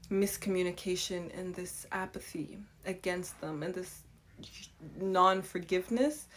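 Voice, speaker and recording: A young woman speaking in an earnest, reflective monologue, building rhythmic lists of repeated phrases. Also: lowish voice. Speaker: host.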